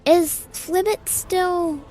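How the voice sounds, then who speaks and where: A woman playing a tabletop game, talking casually in a halting way with frequent fillers. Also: very high-pitched, steady tone, warm tone, faint music behind. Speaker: player.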